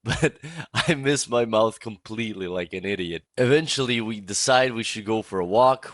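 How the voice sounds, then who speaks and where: A young man narrating a storytime vlog with an animated, laughing, profane delivery. His voice sits fairly low and sounds close and dry, with no room behind it. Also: no room sound. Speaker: storytime vlogger.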